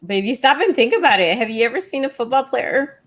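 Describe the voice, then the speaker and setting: A woman guest on a casual podcast, chatty and quick to laugh. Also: fairly high pitch, expressive.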